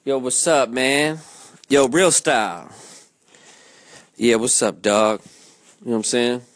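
A man's voice: medium pitch, slow pace, dry recording. A man hosting a freestyle rap show, talking in a laid-back, slangy way and laughing easily. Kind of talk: casual hip-hop chat and freestyle.

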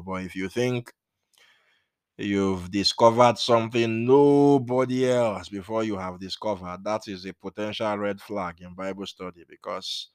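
A man's voice: lowish voice, no room sound, clean studio sound. A man preaching a Bible teaching sermon, earnest and emphatic, repeating his key points.

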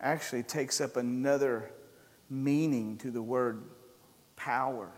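A man's voice: mid-range voice, fairly even intonation, measured pace, in a large hall. A man preaching a sermon as pastor, impassioned and repetitive, driving his points home in emphatic cadences.

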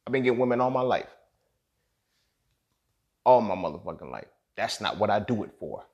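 A man's voice: lowish voice, animated, normal speed, a little mellow. A man hosting a podcast, venting in an impassioned solo monologue, angry and emotional, emphatic and profane, often checking in with "you feel me". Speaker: podcast host.

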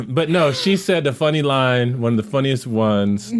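Rambling, animated middle-aged man. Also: mid-range voice, a little slow. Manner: rambling, animated storytelling with many fillers and restarts. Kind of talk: casual chat reviewing a show.

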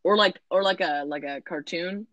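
A woman's voice: lowish voice, moderate pace, fairly bright tone, dry recording, dull audio. A woman in casual chat recapping a movie, rambling, correcting herself and tossing in sarcastic asides.

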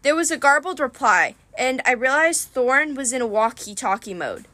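A woman reading a first-person adventure novel aloud in a lively storytelling manner. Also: sits high, normal speed, no room sound. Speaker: reader.

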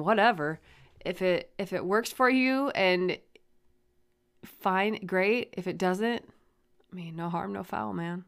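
A woman hosting her own podcast, rambling and swearing, moving from flat musing into heated ranting. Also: lowish voice, measured pace, vocal fry, pauses often, clear, resonant tone. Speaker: podcast host. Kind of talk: solo podcast rant.

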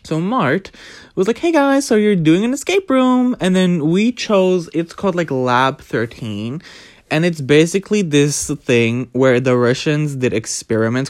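A young man telling a story in a casual vlog, animated and dramatic, with plenty of swearing. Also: medium pitch, unhurried, no room sound, studio quality. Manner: animated, dramatic, profane, gossipy. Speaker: vlogger.

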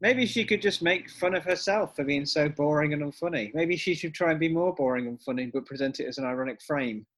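A man co-hosting a satirical podcast, talking in a dry, wry, deadpan way. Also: a little high, brisk, hardly any pauses. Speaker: podcast co-host.

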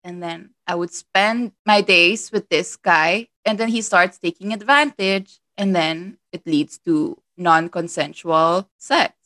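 Young woman guest, candid and hesitant, bright voice in a dry, close sound. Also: fairly low pitch, no echo. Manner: halting, hesitant, many fillers. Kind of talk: candid personal storytelling.

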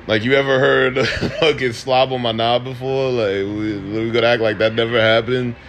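A man's voice: mid-range voice, little pitch movement, moderate pace, fairly bright tone, a little hiss or hum. A young man hosting a podcast, ranting casually with lots of slang and swearing, laughing often. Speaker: podcast host. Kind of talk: casual opinion rant.

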